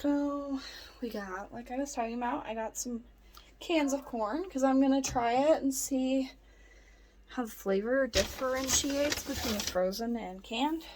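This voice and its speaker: A young vlogger chats playfully as she puts away groceries in her home kitchen, switching to a squeaky baby voice for her cat. She speaks at a measured pace over heavy background noise.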